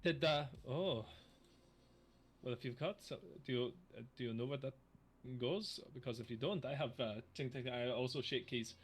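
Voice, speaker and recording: A man's voice: medium pitch, moderate pace, slight background noise. A man playing in a tabletop game, talking hesitantly with many fillers. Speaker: player. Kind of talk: tabletop role-play.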